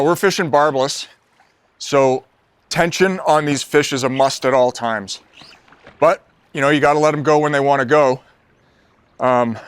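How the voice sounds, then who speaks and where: A man, out of breath, giving excitable on-location commentary from a boat on a river and exclaiming often. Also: medium pitch, clear, resonant tone, no room sound. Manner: excitable, exclaiming, laughing easily. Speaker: fishing show host.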